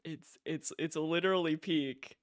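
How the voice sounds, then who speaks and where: A man's voice: a little high, fairly even intonation, unhurried, no room sound, studio quality. A man streaming, chatting casually and giggling, often repeating himself and restarting as he talks. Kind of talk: casual chat.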